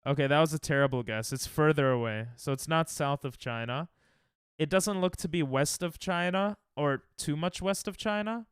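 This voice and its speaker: A young American man chats casually as he streams a guessing game, joking with and ribbing his viewers. His voice sits a bit high and sounds smooth and clear. The mic is close and dry, with no room sound. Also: normal speed, no echo. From United States. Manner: joking, trash-talking chat, thinking aloud. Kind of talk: casual live-stream chatter while playing.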